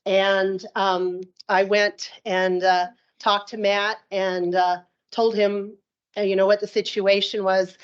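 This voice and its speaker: A woman's voice: medium pitch, flat delivery, takes it slowly, smooth. A woman organizing a meeting, talking conversationally with frequent fillers as she tells a story. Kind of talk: casual talk at a meeting. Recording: dull lo-fi room recording.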